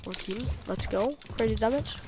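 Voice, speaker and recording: Excitable young man gaming and chatting. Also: high voice, moderate pace, over loud music. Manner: excitable, bursts of loud exclamations. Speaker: gaming streamer. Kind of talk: casual gameplay chat.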